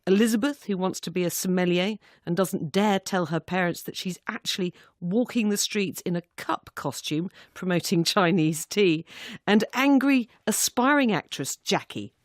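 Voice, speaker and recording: A woman presenting a radio arts show and interviewing guests, measured, with some hesitant fillers in her questions. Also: mid-range voice, dry recording, clean studio sound. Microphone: studio microphone.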